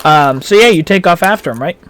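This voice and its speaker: A man narrating as game master in a tabletop game, halting with many fillers. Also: on the high side, animated, fairly bright tone, a little hiss or hum.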